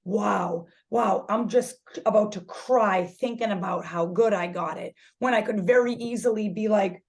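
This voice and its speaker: A woman yoga instructor talking candidly as a podcast guest, animated, swearing freely and restarting her sentences as she searches for words. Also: mid-range voice, normal speed. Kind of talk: casual podcast conversation.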